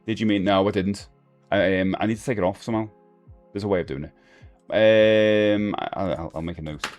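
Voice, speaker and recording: A man's voice: on the low side, steady tone, moderate pace, a little mellow, faint music behind. A middle-aged man hosting a live stream, rambling casually and answering chat comments. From United Kingdom.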